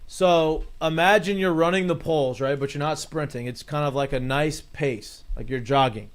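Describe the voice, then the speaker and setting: Ex-ballplayer man, slightly high voice, laid-back and halting. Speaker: former baseball player. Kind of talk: casual sports podcast chat.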